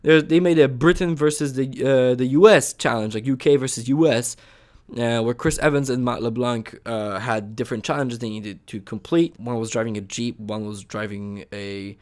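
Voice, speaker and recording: A young man giving a casual opinion rant as a vlogger, moving between calm, mumbled stretches and sudden loud, high bursts of yelling, and swearing freely. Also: moderate pace. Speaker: vlogger reviewing a TV show.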